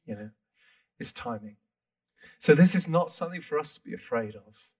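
A male pastor preaching to his church in a relaxed, conversational way. His voice moves up and down a great deal, and he sounds a little distant from the microphone. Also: on the high side, normal speed. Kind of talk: sermon.

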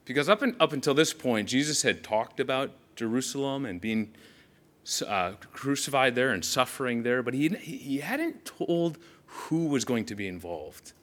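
A man's voice: mid-range voice, moderate pace, close to an everyday voice. A man playing Nathaniel, an awestruck disciple. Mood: sobering. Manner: animated storytelling, speaks straight to the listeners. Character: earnest young male follower of Jesus, awestruck. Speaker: preacher in character. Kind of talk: first-person biblical character monologue.

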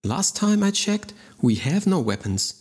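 Man doing a jittery young guy, hesitant, husky, slow. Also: sits high, big pitch swings, darkish tone, pitched above the performer's own voice, exaggerated voice. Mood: anxious. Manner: hesitant and anxious. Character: nervous young man, out of his depth.

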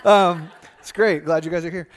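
A man's voice: high voice, steady tone, normal speed. A middle-aged man from Michigan, a pastor preaching a sermon in a conversational, storytelling way with frequent fillers and restarts.

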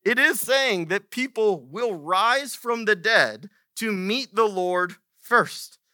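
A man's voice: high voice, expressive, takes it slowly, pushed and bright, dry recording, studio quality. A man preaching a sermon as a pastor, conversational and emphatic, repeating key phrases for weight.

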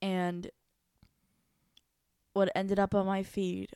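Woman, mid-pitched, casual storytelling co-host, blunt and expressive, dry close mic. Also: slow, smooth, dry recording. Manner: candid, swears freely, animated retelling. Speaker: podcast co-host.

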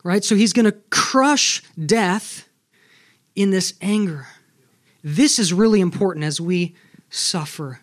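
Taking his time, a pastor with a high, fairly bright voice preaches a sermon with earnestness and emphasis. Rhetorical questions let him check in with his listeners often.

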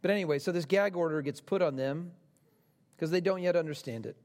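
Pastor, male, slightly high voice; earnest sermon delivery, big emphatic swells and hushed drops, chatty asides. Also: brisk. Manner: earnest preaching, rising to emphatic then dropping soft and low; conversational asides and rhetorical questions.

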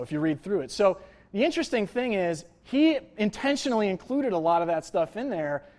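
A young male pastor gives a relaxed sermon in a slightly high voice. He talks loosely and jokes, with plenty of "like" and "uh" as he goes. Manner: conversational, jokey, lots of fillers like "like" and "uh". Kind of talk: casual sermon.

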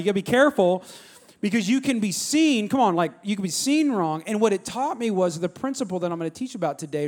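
A young man preaching a sermon in a church, telling stories with energy and urging the crowd to answer. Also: high voice. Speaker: pastor. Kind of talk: sermon with call-and-response.

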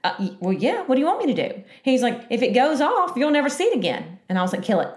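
A woman in her thirties chatting casually, telling a story with lively, acted-out quotes. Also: high voice, quick pace. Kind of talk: casual chat, animated storytelling. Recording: echoey room.

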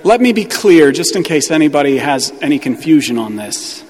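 A man's voice: fairly high pitch, big pitch swings, normal speed, a little mellow, long reverb tail, slight background noise. A male pastor preaching a sermon with emphatic, hammering repetition.

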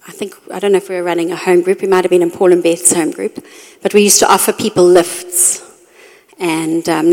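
Woman, middle-aged, sermon, storytelling, reverberant hall. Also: mid-range voice. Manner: storytelling, animated when reenacting her own reactions. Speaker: women's ministry speaker.

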